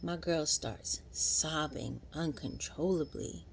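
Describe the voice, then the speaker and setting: Chatty woman in her thirties, low-pitched. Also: takes it slowly, gravelly, slight background noise. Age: 30s. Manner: chatty, animated, acts out quotes in higher voice. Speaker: vlogger. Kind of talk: casual commentary recap.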